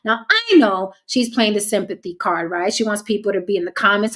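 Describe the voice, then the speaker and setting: A woman's voice: medium pitch, animated, a little fast, few pauses, a bit bright. A woman hosting a casual commentary show, talking straight to her viewers in a blunt, cynical way. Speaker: host.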